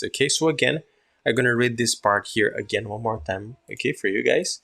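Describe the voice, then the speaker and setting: Gravelly-voiced man teaching English. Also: fairly low pitch, fairly even intonation, normal speed, fairly bright tone. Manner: keeps checking in with "yeah?" and "okay?"; acts out sounds while explaining. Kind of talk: casual online English lesson.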